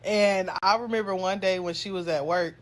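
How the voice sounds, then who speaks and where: A young woman telling a casual storytime, animated, laughing often and swearing freely. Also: medium pitch, moderate pace.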